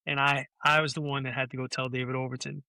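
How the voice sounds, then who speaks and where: A man's voice: medium pitch, flat delivery, fast, bright, forceful tone, dry recording. A man in his forties, a podcast guest, telling a long anecdote in casual talk, swearing freely and acting out what other people said. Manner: swears freely, acts out quoted voices.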